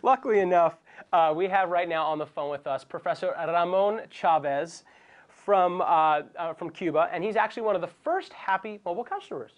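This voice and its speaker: A man's voice: high-pitched, expressive, moderate pace, dull audio. A young man hosting a comedic web show, joking and rambling in a self-deprecating way. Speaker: host.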